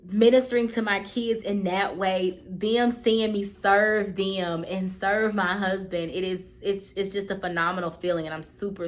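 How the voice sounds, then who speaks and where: This vlogger, a woman in her thirties with a medium-pitched voice, chats casually and directly to camera. Earnest and sincere, she keeps returning to and repeating her phrases to drive them home.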